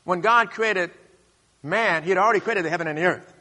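A man preaching in a church sanctuary, calling on the congregation to repeat after him. His voice sits fairly high and sounds bright and ringing. A long hall reverb trails each phrase. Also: a little fast. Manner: call-and-response preaching, rising to loud high bursts. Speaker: pastor. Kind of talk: sermon.

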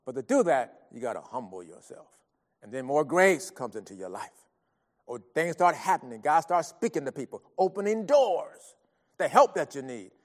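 A high-pitched man preaching with earnest, pleading fervor, dropping soft and then crying out loud. His voice hangs in a long hall reverb. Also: very animated, normal speed. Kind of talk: sermon.

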